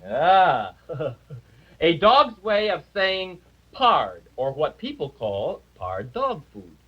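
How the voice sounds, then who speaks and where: Ollie, a chatty dragon puppet. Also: male voice, on the high side, very animated, slow, slightly rough, exaggerated voice. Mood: chatty salesman. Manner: chatty salesman patter, chuckling. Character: good-natured, boastful male dragon puppet. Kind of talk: 1950s live TV puppet comedy. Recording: dull lo-fi 1950s TV audio.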